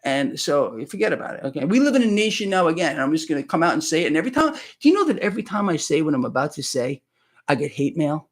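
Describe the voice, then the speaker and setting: A man hosting a live financial show on his own, blunt and ranting. His voice sits a little high for a man, and he keeps stumbling over repeated words as he calls out to his viewers. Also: sing-song, quick pace. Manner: addresses viewers as "people". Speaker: financial commentary host. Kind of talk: live solo market commentary.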